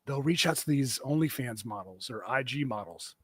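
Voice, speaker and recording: A man's voice: medium pitch, expressive, normal speed, hardly any pauses, fairly bright tone, husky, no echo, studio quality. A man hosting a comedy podcast, rambling through casual banter with plenty of fillers and restarts. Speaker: podcast host.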